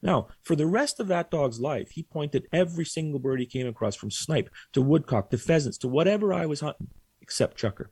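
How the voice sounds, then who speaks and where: Man, podcast guest, telling a lively story in a gravelly voice and acting out quotes. Dry close sound. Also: fairly high pitch, a little fast, no echo. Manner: animated, acts out quoted voices. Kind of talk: casual storytelling.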